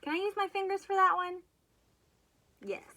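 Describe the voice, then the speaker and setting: A woman's voice: very high voice, normal speed, sharp tone. A young woman teaching young children a remote math lesson, patient and encouraging, leading them through counting and chanted rhymes.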